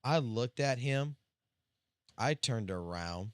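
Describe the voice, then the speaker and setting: A male game streamer telling profane, animated anecdotes on a live stream. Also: mid-range voice, slow, no room sound, studio quality.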